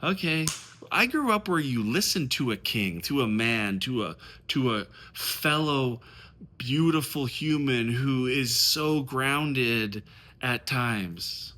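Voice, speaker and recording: A man's voice: mid-range voice, lively intonation, takes it slowly, sharp tone. A man who coaches on dating, talking casually to the camera in a passionate, rambling rant full of swearing.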